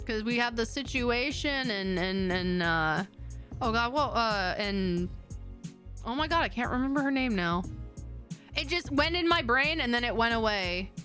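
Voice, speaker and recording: A woman's voice: a little high, lively intonation, unhurried, fairly bright tone, soft background music. A woman streamer chatting casually with her viewers in a rambling, giggly way. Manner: rambling, chatty, giggly, reading chat aloud. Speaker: VTuber streamer. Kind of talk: casual chat stream wrap-up.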